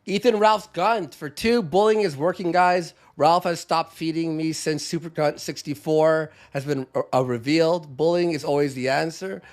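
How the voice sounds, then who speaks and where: A man's voice: fairly high pitch, moderate pace, hardly any pauses. A man co-hosting a live stream, reading out donation messages in a casual, joking way with laughs and fillers. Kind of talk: casual livestream chat.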